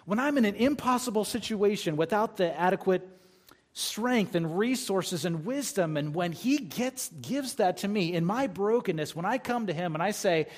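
A man's voice: high-pitched, lively intonation, moderate pace. A man preaching a sermon as pastor, talking conversationally and reading scripture aloud between his points.

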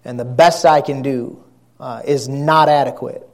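A man's voice: medium pitch, steady tone, unhurried. A man preaching a sermon as pastor, earnest with wry asides.

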